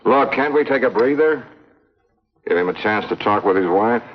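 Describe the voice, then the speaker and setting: A man playing a relaxed, wisecracking hero who speaks up for a suspect, in a 1950s radio drama. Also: fairly low pitch, moderate pace, close to an everyday voice. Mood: reassuring. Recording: dull lo-fi 1950s recording.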